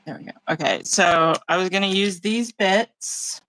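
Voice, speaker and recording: A woman hosting a casual live craft session over a video call, chatty and relaxed, laughing often. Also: mid-range voice, unhurried, no room sound, rough recording. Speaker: craft channel host. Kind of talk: casual live-stream chat while journaling. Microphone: phone or tablet mic over a video call.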